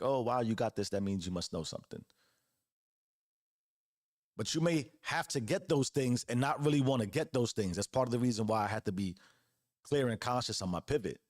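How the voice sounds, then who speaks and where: A man's voice: mid-range voice, no room sound, clean studio sound. A man in his forties giving an earnest motivational monologue as host, preaching with casual slang and repeated phrases. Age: 40s. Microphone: close podcast mic.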